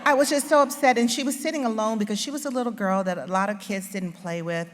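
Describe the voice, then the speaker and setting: A woman author giving a humorous, animated storytelling speech into a stage microphone. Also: mid-range voice, quick pace, slight background noise. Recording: long hall reverb.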